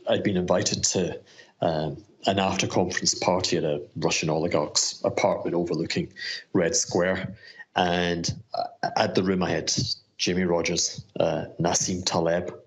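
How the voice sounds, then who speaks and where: Man, very deep voice, loose chuckling storyteller, recorded question. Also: little pitch movement, unhurried. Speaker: guest asking a recorded question. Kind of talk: anecdotal storytelling.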